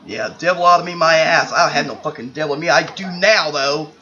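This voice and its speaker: A man's voice: a little high, fast talker, sharp tone, lo-fi sound. A man voicing a cranky, foul-mouthed male ninja turtle who grumbles about a sore head. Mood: grumpy. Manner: grumbling, cursing. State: complaining of a headache.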